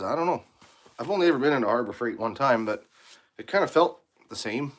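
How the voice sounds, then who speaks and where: A mechanic livestreams from his workshop, reading viewer comments aloud and rambling bluntly about tools while swearing freely. He talks fairly quickly in a mid-range voice with lively intonation.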